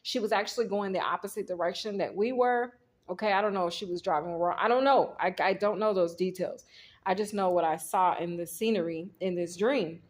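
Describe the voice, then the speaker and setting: Brisk and medium-pitched, a tarot reader chats her way through a casual reading for viewers, rambling along, addressing them directly and replaying scenes with quotes of her own words.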